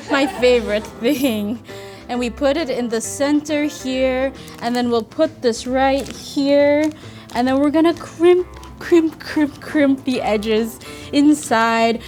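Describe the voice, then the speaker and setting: In a comic cooking show, a high-voiced woman plays a cheerful 1950s Minnesota housewife, complete with a put-on old-fashioned Minnesota accent. Demonstrating a recipe in character, she's sweet, prim and folksy, with coy double meanings.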